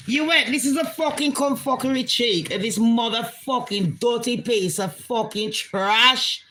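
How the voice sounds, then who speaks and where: A woman's voice: fairly high pitch, measured pace, few pauses, bright, forceful tone, poor audio. A British Jamaican woman vlogging an angry political rant, heated and profane, swearing constantly.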